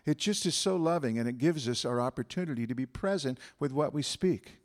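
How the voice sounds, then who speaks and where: Male guest speaker, spiritual talk, animated, slow emphatic affirmations, mid-pitched. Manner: animated, repeats phrases slowly with emphasis.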